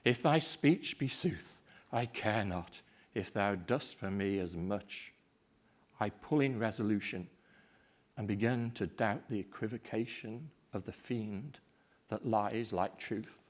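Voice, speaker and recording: A man performing Macbeth, a desperate, raging Scottish king, in a dramatic stage recitation that moves from hushed despair to shouting fury. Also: fairly high pitch, very animated, slow pace, pauses often, heavily acted. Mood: grim resolve.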